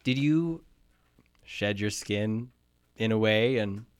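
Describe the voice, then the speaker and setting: A man interviewing a guest in an improvised comedy piece, deadpan and probing, with hesitations, on a studio microphone. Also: fairly low pitch, takes it slowly, smooth, no room sound.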